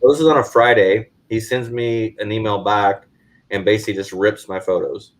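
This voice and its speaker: Brief: man, low voice, relaxed guest recounting his career in a casual interview. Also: brisk, rough recording. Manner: animated storyteller, acts out quoted voices. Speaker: guest photographer.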